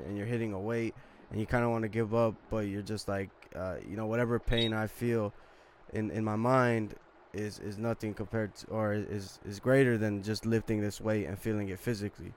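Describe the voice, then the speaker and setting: A man hosting a podcast interview, asking long, thoughtful questions at a measured pace with frequent fillers. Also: on the low side, fairly even intonation, darkish tone, slight background noise. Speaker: podcast host.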